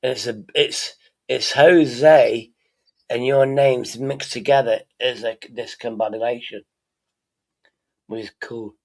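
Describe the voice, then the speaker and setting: A man's voice: medium pitch, fairly even intonation, takes it slowly, gravelly. A man streaming live, chatting casually and thinking aloud while he works, swearing freely.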